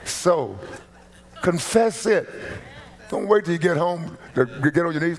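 A man's voice: a little high, lively intonation, a little slow. A middle-aged man preaching a sermon as pastor in a church, building to emphatic bursts of emphasis. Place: church sanctuary.

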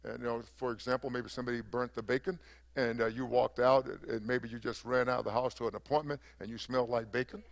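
An older male pastor preaching a sermon in a gravelly voice. He builds to loud, emphatic peaks and then drops back into a quieter, conversational tone. His delivery is full of fillers and restarts. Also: medium pitch, fairly even intonation, fast talker.

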